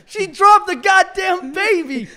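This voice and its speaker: A young man co-hosting a casual podcast chat, an animated storyteller who laughs often. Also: very high voice, slow pace. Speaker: podcast co-host.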